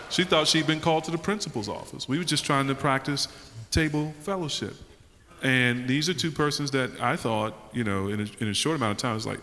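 A male pastor with a bright, forceful voice tells a story to fellow panelists and laughs along as he goes. His mid-pitched voice rings out with a long hall reverb behind it. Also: brisk, a little hiss or hum. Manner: animated, laughs while telling a story.

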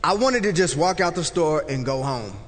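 A man in his forties telling a personal faith testimony as a vivid storyteller, swinging between loud excitement and soft, hushed moments. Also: a little high, moderate pace. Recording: long hall reverb.

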